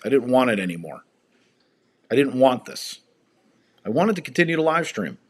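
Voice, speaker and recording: A husky, sing-song voice of medium pitch belongs to a man who, at normal speed, vents in an angry rant while livestreaming from his home. His delivery is heated and full of curses.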